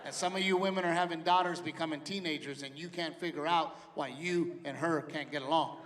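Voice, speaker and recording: A middle-aged man doing a stand-up comedy routine, animated storytelling that acts out his family members. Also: on the high side, fairly quick. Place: large theater with live audience. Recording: live venue reverb, audience noise.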